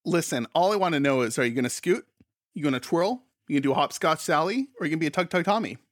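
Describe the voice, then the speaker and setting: A man's voice: on the high side, lively intonation, quick pace, no echo, clean studio sound. A man co-hosting a casual comedic chat, playful and full of silly wordplay and sing-song riffs. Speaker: podcast co-host.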